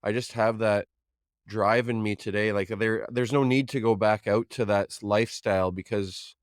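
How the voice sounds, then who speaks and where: A man's voice: lowish voice, fairly even intonation, moderate pace, no room sound, studio quality. A man hosting a podcast, speaking earnestly and plainly about recovery and family. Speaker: podcast host. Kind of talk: conversational interview.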